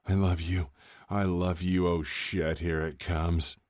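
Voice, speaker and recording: A man's voice: low-pitched, flat delivery, slow pace, darkish tone, dry recording, studio quality. A man voicing an earnest, eager young male hockey player in an audiobook, with a lifted, open delivery. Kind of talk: audiobook character voice.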